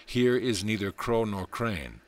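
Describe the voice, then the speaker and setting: A man reading the part of a wise, humble housewife who speaks calmly and gently corrects a proud young monk. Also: lowish voice, a little slow. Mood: serene.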